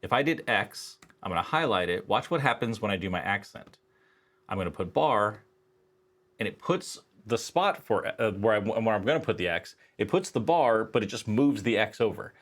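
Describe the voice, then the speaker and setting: Low-voiced man teaching equation software. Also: lively intonation, normal speed. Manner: casual, explains step by step with fillers. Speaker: statistics instructor. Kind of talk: screen-recorded software tutorial.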